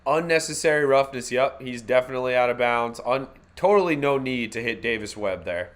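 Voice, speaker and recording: During a live fan reaction stream, a man calls the game play by play with medium pitch, lively intonation, and a somewhat bright tone. His style is casual and joking, with slang and rapid self-corrections.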